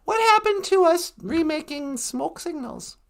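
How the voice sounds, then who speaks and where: A woman's voice: very high voice, animated, a little slow, soft background music. A woman co-hosting a comedy podcast, bantering in a sarcastic, joking way. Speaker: podcast co-host.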